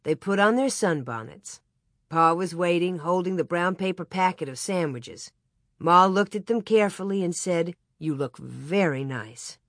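An audiobook narrator reading a children's story aloud in an even, clear way. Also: medium pitch, normal speed, dry recording, studio quality.

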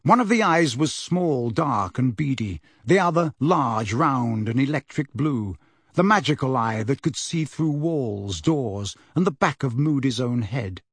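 A man reading a fantasy storybook aloud in an expressive, animated narration. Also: mid-range voice, measured pace, husky, no room sound, clean studio sound. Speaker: audiobook narrator.

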